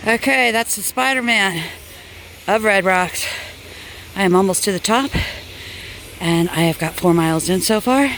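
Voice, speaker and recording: A winded woman talks straight to her viewers in a relaxed, slow way. She films herself on a handheld phone at an outdoor amphitheater at high altitude. Faint outdoor noise sits under her voice. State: out of breath. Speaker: crafting channel host. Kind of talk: casual vlog chat. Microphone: handheld phone camera.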